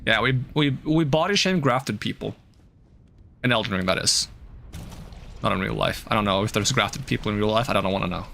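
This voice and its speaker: A man's voice: lowish voice, fairly quick, creaky, long pauses, pushed and bright, a little hiss or hum. A man streaming a video game, playfully joking, teasing the enemies and chatting to himself as he plays. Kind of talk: live gameplay commentary.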